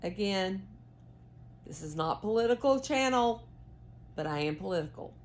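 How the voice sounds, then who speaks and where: With lively intonation and a moderate pace, a woman with a mid-range voice and a Southern US accent knits and chats casually with her audience. The American vlogger's talk is rambling and folksy.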